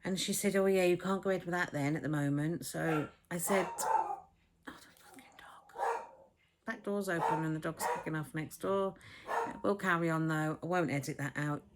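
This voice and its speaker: Frank, swearing woman in her fifties, chatting to a camera at home, voice a touch on the low side. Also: brisk, background noise. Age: 50s. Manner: blunt and frank, swears freely, acts out conversations. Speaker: vlogger. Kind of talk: casual chatty vlog. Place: home, with a dog barking next door. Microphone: camera on a tripod.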